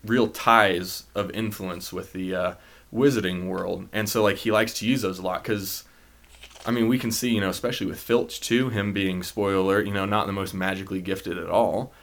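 A man's voice: sits low, steady tone, moderate pace, vocal fry, a bit bright. A man talking casually on a podcast, rambling with lots of filler words.

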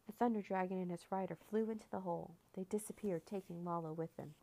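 Woman narrator, mellow and dark, measured storybook read-aloud. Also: lowish voice, fairly even intonation. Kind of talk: reading a children's chapter book aloud.

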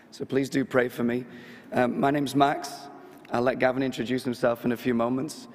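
Hoarse Mancunian man preaching in church. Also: medium pitch, darkish tone, big-room sound. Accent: Mancunian English. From England. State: hoarse, getting over illness. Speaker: missionary preacher. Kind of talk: parish mission talk.

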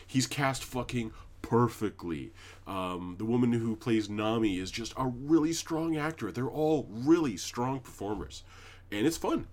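This podcast co-host chats casually in an unhurried, medium-pitched voice with a darkish tone. He's emphatic, swears a lot and fills his speech with frequent fillers.

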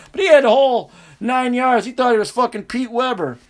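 Dude, high-ish voice, swearing nonstop through a story. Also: male voice, fast talker, hardly any pauses. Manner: profane, animated, laughing storyteller. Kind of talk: casual rambling anecdote.

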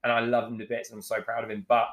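Forties guy being real candid on a podcast, swears a lot, middling pitch, acts out what people said. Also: little pitch movement, rapid-fire. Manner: frank and emotional, swears freely, acts out past dialogue. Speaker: podcast guest, executive chef. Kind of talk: candid conversational storytelling.

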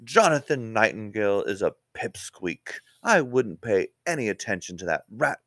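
A man playing a world-weary detective who grumbles in a lower voice. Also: big pitch swings, normal speed, a bit bright, dry recording, clean studio sound. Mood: gruff. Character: gruff, world-weary mustached male detective.

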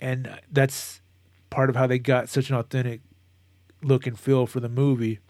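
A man chatting casually as a co-host, telling a long, animated story with many restarts and moments of emotion. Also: mid-range voice, normal speed, dry recording, studio quality. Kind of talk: casual chat.

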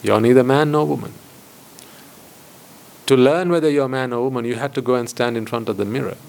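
Monk, male, mid-pitched, rhetorical teaching talk with repeated phrases. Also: a little fast, vocal fry, darkish tone. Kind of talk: dharma talk to lay audience. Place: hall with board.

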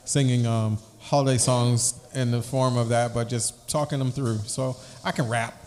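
A man's voice: medium pitch, steady tone, normal speed, a little mellow, big-room sound. A man hosting a casual podcast chat, rambling, repeating himself and slipping into rhymes. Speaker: podcast host.

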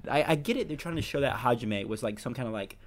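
Young male co-host, rapid delivery, blunt opinions, loose casual chat. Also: medium pitch, expressive. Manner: fast, blunt, rambling with restarts. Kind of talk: casual anime review chat.

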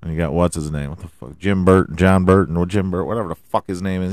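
A man's voice: sits low, fairly even intonation, quick pace, hardly any pauses, a little mellow, dry recording, clean studio sound. A man hosting a podcast, giving rambling, profane, joking commentary on his own. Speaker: podcast host. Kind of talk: casual solo commentary.

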